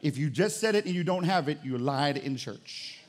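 A male pastor preaching with a high voice and an emphatic, driving delivery. He fires rhetorical questions at the congregation and at times rises to shouted declarations. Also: animated, moderate pace. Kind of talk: sermon.

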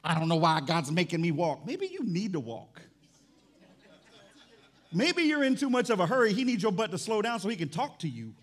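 Pastor guy preaching in church, kinda high voice, jokey, gets loud then goes real quiet. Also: normal speed. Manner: animated, jokey, shifts from loud excitement to quiet emphasis. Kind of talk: sermon. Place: church sanctuary.

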